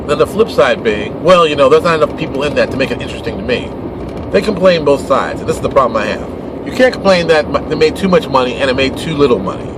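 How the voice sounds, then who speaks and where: A man hosting a casual monologue, animated and exasperated, acting out quick mock dialogues while recording outdoors near traffic. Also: medium pitch. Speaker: podcast host and game publisher.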